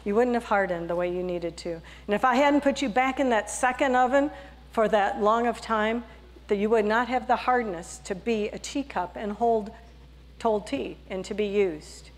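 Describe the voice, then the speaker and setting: A gentle male potter speaks in a soft, hushed, steady voice, as a woman pastor acts him out. He is patient and firm, never raising his tone, a calm figure inside a sermon story. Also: medium pitch, moderate pace, lightly acted. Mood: tender.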